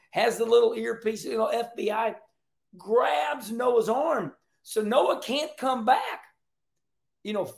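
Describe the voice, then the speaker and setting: High gravelly-voiced man hosting commentary. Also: roomy sound. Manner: animated, emphatic, repeats himself. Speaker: host. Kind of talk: casual race commentary.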